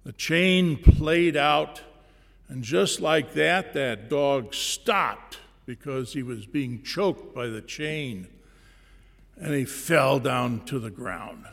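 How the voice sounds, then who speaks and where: A man preaching a sermon, telling a parable slowly and deliberately, with pauses between phrases. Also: medium pitch, animated, vocal fry. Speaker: pastor. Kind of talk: sermon storytelling. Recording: long reverb in a large hall.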